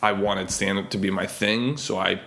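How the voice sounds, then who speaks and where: A man's voice: normal speed, creaky. A young man, a comedian, telling stories in casual podcast chat and acting out the voices of the people he met. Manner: animated storyteller, acts out quoted voices in a higher pitch. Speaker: comedian guest. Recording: roomy echo.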